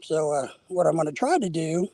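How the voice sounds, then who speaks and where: A man's voice: fairly high pitch, expressive, brisk, dark tone, no echo. A man hosting a casual live stream while fishing outdoors at a lake, a little out of breath, rambling and greeting viewers by name.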